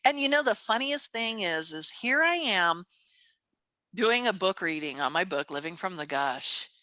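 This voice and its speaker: A woman co-hosting a podcast, telling stories in a casual chat, animated, acting out voices and laughing often. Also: lowish voice, measured pace, no echo. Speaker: podcast co-host and coach.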